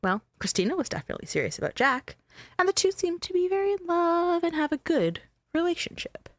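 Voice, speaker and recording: A woman's voice: very high-pitched, big pitch swings, fairly quick, dry recording. A woman hosting a podcast, telling a true-crime story in a chatty, joking, emphatic way. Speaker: podcast host.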